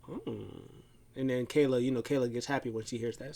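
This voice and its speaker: A man telling a loose, unscripted recap in an ordinary middle-pitched voice. He rambles, fills gaps with "uh" and "like", and restarts his sentences as he goes. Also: fairly even intonation, fairly quick, gravelly, a little mellow. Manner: rambling, filler-heavy storytelling. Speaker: wrestling show recap host. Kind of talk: casual recap chat.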